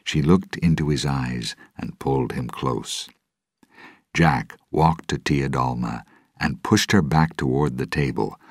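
A male narrator reading a storybook at a steady, deliberate pace. His voice is extremely deep, slow and husky, recorded dry and close. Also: dry recording.

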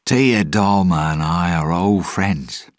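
A man voicing a nervous male pirate captain who forces a cheerful, louder tone. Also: low-pitched, takes it slowly, dry recording, studio quality, voice pushed up. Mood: forced cheer. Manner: louder, raised, bright delivery. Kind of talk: audiobook storytelling.

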